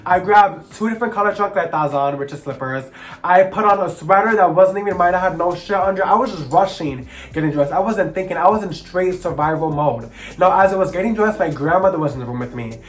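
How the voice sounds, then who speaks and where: Young male vlogger, about 20, slightly high voice, expressive and sassy storyteller. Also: fairly quick. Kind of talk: personal storytelling.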